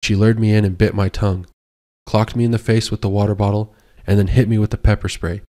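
A man's voice: fairly low pitch, level tone, fast talker, dark tone, close to an everyday voice. A man voicing a menacing male stalker who speaks in cold, insistent commands. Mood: accusing.

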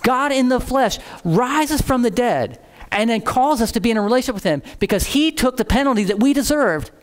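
A male pastor preaching a sermon, telling a story with acted-out dialogue, then turning low and earnest as he speaks to the congregation. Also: a little fast. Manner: animated storyteller, acting out dialogue in voices.

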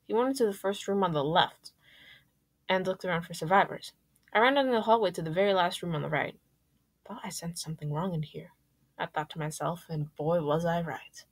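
Lower-voiced woman reading a story aloud. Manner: lively reading that jumps up on exclamations. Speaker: fan fiction reader.

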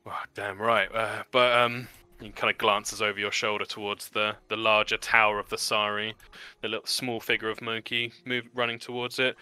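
A man's voice: fairly low pitch, little pitch movement, normal speed, sharp tone, clean tone, dry recording. A man narrating a tabletop game as game master, describing the scene vividly with fillers.

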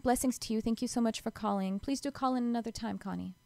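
A woman's voice: a little high, fast, vocal fry, mellow, dry recording. A woman giving live psychic readings to callers on a call-in show, talking soothingly and calling them sweetheart and honey.

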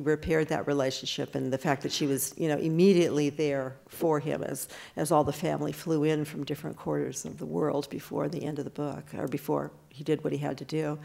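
A woman's voice: deep voice, vocal fry. An older American woman, an author, chatting with an audience at a book event and often restarting her sentences. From United States. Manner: chatty, with frequent restarts and quick asides. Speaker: author answering audience questions. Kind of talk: casual talk at a book event.

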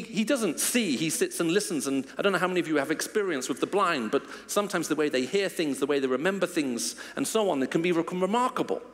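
A man's voice: high voice, a bit bright. A man giving a sermon, reading scripture and then retelling the story with emphasis. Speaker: preacher. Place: church hall. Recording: long reverb of a large church.

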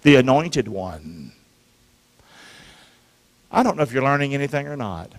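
A man preaching a sermon to his congregation as their pastor, with animated delivery and frequent call-and-response questions to the listeners. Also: mid-range voice, a little slow. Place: church sanctuary. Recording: long reverb of a church hall.

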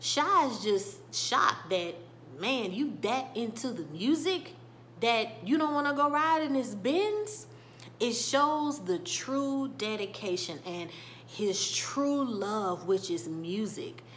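A woman vlogger recapping a TV episode in casual speech, retelling scenes with lively quoted lines. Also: medium pitch, a little hiss or hum.

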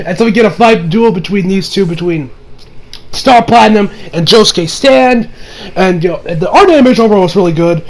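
This anime reviewer's voice is high and a little fast as he rambles casually through an episode review. Profanity comes often, and so do fillers such as "like" and "you know."

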